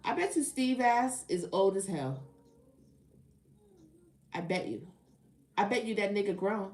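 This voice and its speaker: A woman's voice: mid-range voice, animated, unhurried, pauses often, a little mellow, roomy sound. A woman reading tarot on a live stream, chatting casually with her viewers and getting indignant at rude comments. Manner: casual, talks to chat, gets heated and indignant. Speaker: tarot reader.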